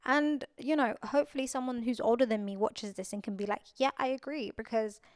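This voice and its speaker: A woman's voice: on the high side, a little fast, no room sound, clean studio sound. A young adult woman hosting her own podcast, talking earnestly and repeating phrases for emphasis. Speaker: podcast host. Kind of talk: casual solo podcast talk.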